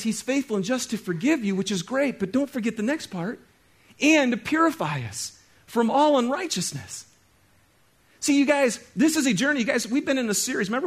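Speaking straight to his congregation, a male pastor whose voice is notably high and slightly rough gives a conversational sermon. His volume shifts from exclaiming loudly to dropping into a hush.

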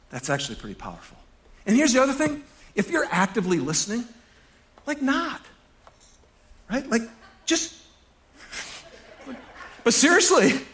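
A pastor giving a casual sermon to his congregation, animated, chuckling often and repeating key phrases. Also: high voice.

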